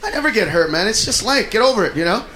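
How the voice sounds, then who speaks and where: A man doing a profane, brash stand-up routine on a comedy club stage, often shouting his punchlines. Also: high-pitched, animated, fast. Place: comedy club stage before a laughing crowd. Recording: echoey club, loud crowd laughter.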